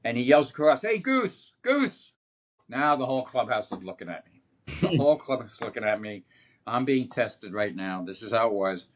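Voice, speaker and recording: An older man tells long, rambling stories as a podcast guest. He speaks at a middling pitch and grows animated, often restarting his sentences. The recording is a plain podcast setup. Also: fairly quick. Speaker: sportswriter guest. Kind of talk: anecdotal podcast conversation.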